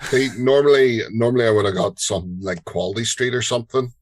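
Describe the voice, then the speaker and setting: A man's voice: mid-range voice, fairly quick, no echo. A man on a podcast panel, chatting casually with dry jokes. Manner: dry, joking. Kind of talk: casual chat.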